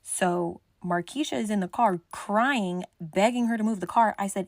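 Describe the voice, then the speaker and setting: A young woman telling a wild party story in casual storytime style, animated, swearing freely and acting out what people said. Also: medium pitch, moderate pace, dry recording, studio quality.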